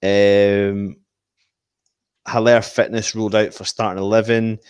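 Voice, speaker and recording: A man runs a casual live stream for fellow fans. His voice sits low and he talks animatedly, reading comments and tossing out predictions. The sound is dry and close. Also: a little slow, clean tone, dry recording. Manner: animated, reads out viewer comments. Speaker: host of a fan channel live stream.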